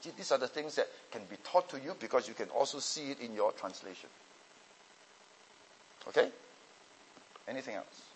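A man teaching a class on Bible languages and preaching, emphatic and deliberate, often checking in with his listeners. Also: mid-range voice, expressive, a little hiss or hum, poor audio.

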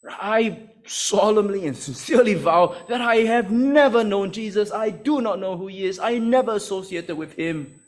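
A man doing a scared apostle in denial, hurried protests, lively pitch. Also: creaky, husky, exaggerated voice. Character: frightened apostle Peter denying, adult man.

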